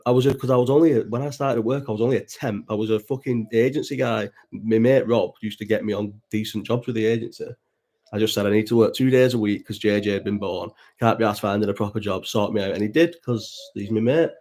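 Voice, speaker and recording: A man's voice: mid-range voice, mellow. Rambling Bolton-accented man in his thirties. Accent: Bolton, Northern English. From Bolton, England. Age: 30s. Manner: rambling, swears freely, reads and answers chat. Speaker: livestream host. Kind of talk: casual watch-along chat.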